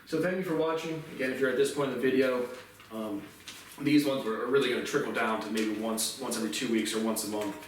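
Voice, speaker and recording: A man's voice: mid-range voice, fast, slight background noise. A man vlogging an aggrieved, rambling monologue full of bitter, repetitive complaints. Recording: very echoey room, voice distant from mic.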